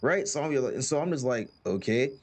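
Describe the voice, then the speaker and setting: A man talks through a game in a loose, rambling way. He stumbles over and repeats words, with lots of fillers, at a middling pitch. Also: a little fast. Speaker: host. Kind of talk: casual gaming chat.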